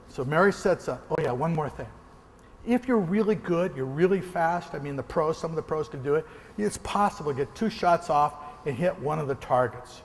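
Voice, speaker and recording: A motivational speaker from the American Northwest, a man, telling a lively story during a keynote and acting out gunshots. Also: a little high, normal speed, long reverb tail. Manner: animated, acts out gunshots and quoted voices. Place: large hall before an audience.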